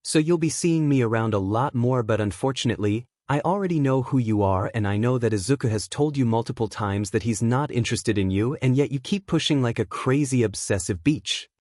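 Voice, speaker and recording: A man's voice: medium pitch, a little fast, hardly any pauses, darkish tone, no room sound, clean studio sound, natural voice. A man reading as a blunt, sarcastic teenage boy. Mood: deadpan anger.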